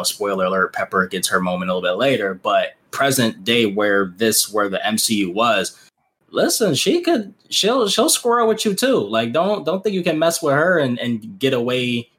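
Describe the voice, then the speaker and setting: A man co-hosting a casual movie podcast, talking in an animated, slangy way. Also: on the low side. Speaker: podcast co-host.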